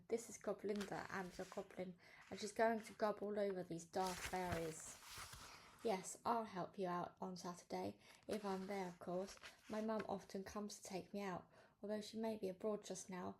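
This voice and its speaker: A woman reads a children's novel aloud, narrating in a lively, cheeky first-person voice. Her tone has a gravelly edge, at a middle pitch, with faint noise in the background. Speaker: storybook reader.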